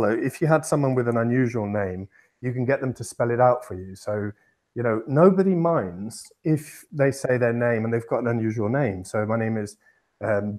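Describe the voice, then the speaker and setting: A man's voice: mid-range voice, a little mellow. A man from England co-hosting a podcast, explaining at length in a casual, rambling way with many restarts. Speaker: podcast co-host.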